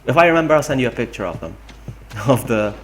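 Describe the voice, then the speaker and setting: Guy live streaming, chatty, rambles, lively voice, faint noise. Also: medium pitch, fast talker, rough recording. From Malta. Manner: chatty, rambling, laughs at himself. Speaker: game streamer. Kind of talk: casual live-stream chat.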